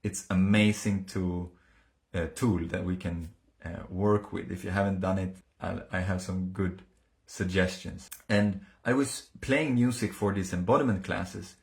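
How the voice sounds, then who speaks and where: A man telling a personal story in a casual, earnest way, halting often with fillers and restarts. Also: deep voice, fairly even intonation, creaky.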